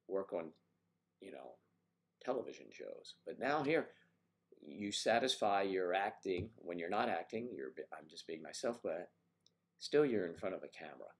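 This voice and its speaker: An older man hosting a casual live stream and chatting through viewer comments. He talks in a halting way and often clears his throat. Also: low-pitched.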